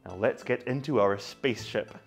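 A man's voice: medium pitch, moderate pace, vocal fry, soft background music. A man leading a guided movement lesson for young children, coaxing them through call-and-response in a sing-song way. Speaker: children's movement session leader.

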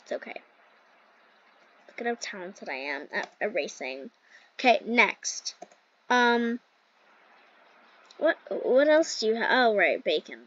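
A woman running a gaming channel speaks in a mid-range voice with big swings in pitch, taking a slow pace and leaving long pauses. Her gameplay commentary is casual and giggly, packed with "like" fillers, captured in a dull, dry, lo-fi recording.

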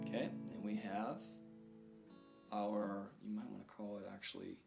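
Relaxed man teaching guitar. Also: fairly low pitch, moderate pace, gravelly, long pauses. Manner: relaxed, counts beats aloud over strumming. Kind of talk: casual instructional talk. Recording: talk over loud acoustic guitar.

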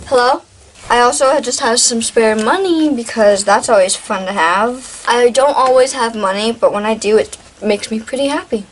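A woman's voice: on the high side, normal speed, few pauses, slight background noise, rough recording. A teenage girl in a casual show-and-tell vlog, talking in a chatty, rambling way with lots of fillers and restarts. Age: teens. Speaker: vlogger.

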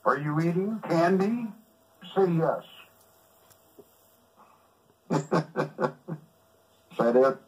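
A man's voice: fairly high pitch, expressive, very slow, pauses often, darkish tone. A man on a prank phone call who talks in abrupt, threatening, profane bursts. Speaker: prank caller.

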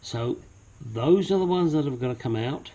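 Husky-voiced man narrating car repairs. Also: mid-range voice, lively intonation, normal speed, warm tone. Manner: chatty, swears casually, rambles with asides; puts on a silly accent at times. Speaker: home mechanic channel host. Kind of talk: casual how-to narration while working.

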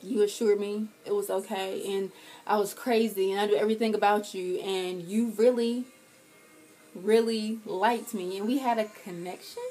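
A young woman vlogging a profane, dramatic comedic rant, swinging between loud outbursts and quiet hurt. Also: medium pitch, fairly even intonation, moderate pace, faint music behind.

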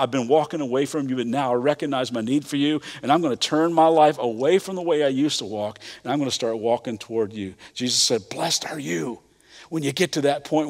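A man preaching a sermon as a pastor, talking in a conversational, animated way with casual slang and repeated phrases. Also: a little high. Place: church auditorium. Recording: reverberant church hall.

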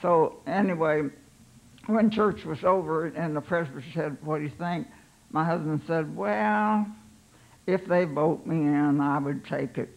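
An older woman, a pastor's wife, telling her life story in an unhurried, halting way, voicing her own thoughts aloud. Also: low-pitched, gravelly, a little mellow, poor audio.

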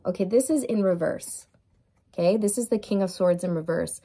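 Warm, mellow-voiced woman reading tarot. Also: lowish voice, moderate pace, husky. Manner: soothing, affirming, repetitive. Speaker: tarot reader. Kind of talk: tarot card reading to viewers.

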